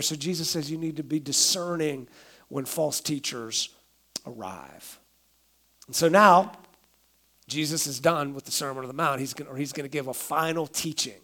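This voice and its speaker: A middle-aged man, a pastor, preaching a sermon in a conversational way, acting out everyday quotes. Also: fairly high pitch.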